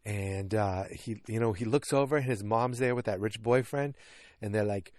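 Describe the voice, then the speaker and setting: A man in his early forties recapping a movie in casual podcast chat, animated and rambling, with lots of restarts and sound effects. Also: on the low side, moderate pace, no echo, clean studio sound. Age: 40s. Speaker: podcast host. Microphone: podcast microphone.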